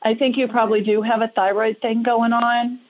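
A woman's voice: fairly high pitch, flat delivery, moderate pace, muffled recording. A woman hosting a call-in show, chatty, upbeat and reassuring with her callers. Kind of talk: call-in radio chat.

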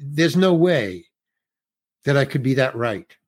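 Chatting casually as a guest, a middle-aged actor relates something that happened on a film set and performs the other characters' words. He has a mid-range voice, animated but taking it slowly.

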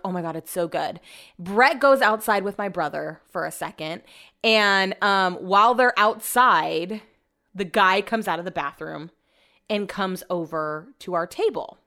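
A young woman tells a rambling everyday story in a casual, profane, animated way, slipping into quick voices for the people in it. Her voice is smooth and clear, with a pitch right in the middle for a woman. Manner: chatty, profane, animated retelling. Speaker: vlogger.

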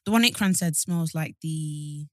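A young woman, co-hosting a casual chat with playful jokes and quick apologies. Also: deep voice, a bit bright, dry recording, clean studio sound. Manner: playful, apologetic, jokey asides. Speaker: podcast co-host.

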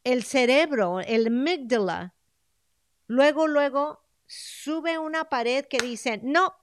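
In a bilingual coaching talk on goal setting, a woman with a high-pitched voice speaks slowly, moving between English and Spanish. She's coaxing and repeats phrases, and her tone is clean, with clear studio sound and no echo.

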